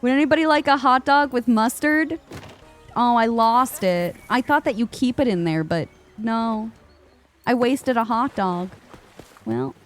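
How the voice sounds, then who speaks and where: Soft background music plays under this Twitch streamer, a young woman whose voice is slightly high and a bit slow. Streaming a game live, she talks to its characters and says hello to the people watching.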